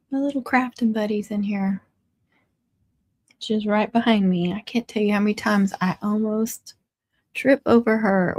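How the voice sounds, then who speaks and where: A woman's voice: medium pitch, fairly even intonation, moderate pace, a little mellow, no room sound. A woman hosting a crafting livestream, chatting casually and teasing her viewers with frequent laughs. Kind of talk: casual live-stream chat.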